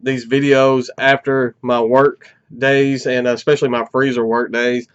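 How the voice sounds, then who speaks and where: A man's voice: mid-range voice, little pitch movement, a little slow, smooth, dull audio. A man hosting a metal music channel, chatting casually at home through an unboxing, congested and a little out of breath, with many "uh" fillers.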